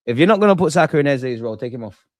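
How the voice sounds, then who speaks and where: A man streams his reaction to a football match, talking straight to his chat and to the players, his voice jumping between calm and loud outbursts. The sound is dry and close, with no room echo. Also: mid-range voice, rapid-fire. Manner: excitable, swears, talks to chat and players. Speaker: football watchalong host.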